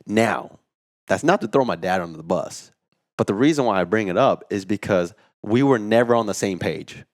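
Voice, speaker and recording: A man co-hosting a podcast, telling a story in casual chat, animated and full of "like", acting out what people said. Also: on the low side, moderate pace, dry recording, studio quality. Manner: animated storyteller, acts out quotes, says "like" a lot. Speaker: podcast co-host.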